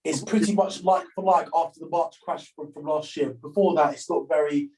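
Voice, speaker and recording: Man, high voice, casual trading chat, halting restarts, says bro a lot. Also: fairly even intonation, a little mellow. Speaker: trader.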